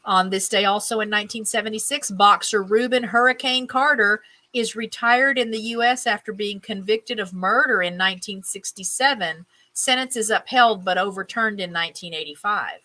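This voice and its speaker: A woman's voice: medium pitch, moderate pace, hardly any pauses, pushed and bright, rough recording. A woman hosting a casual stream, reading items aloud, tripping over names, and adding chatty musing asides. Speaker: host.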